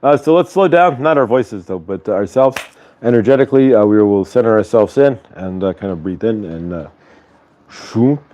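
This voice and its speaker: Warm and fairly low-pitched, this man's voice moves at a moderate pace with lively intonation. He hosts a spiritual morning livestream from home, wandering through loose, filler-heavy talk and leading guided breathing, all captured on a clip-on lapel mic.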